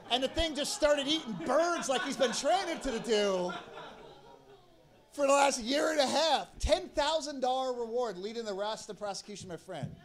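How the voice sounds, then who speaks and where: A man's voice: very high voice, moderate pace. A man telling a rambling, profane story on stage as a stand-up comedian.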